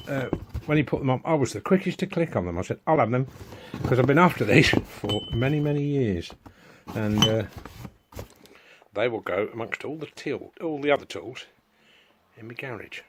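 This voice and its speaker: A man's voice: mid-range voice, expressive, moderate pace, background noise. A middle-aged man, chatting casually in a home workshop vlog and going off on homely asides. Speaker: DIY vlogger.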